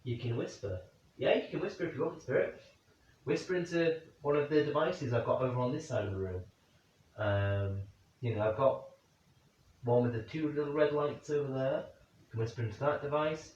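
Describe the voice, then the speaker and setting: During a night vigil in a room, a man speculates out loud and calls questions to spirits in a darkish, mid-range voice at a moderate pace. A little hiss or hum sits under a very echoey, distant, dull lo-fi recording.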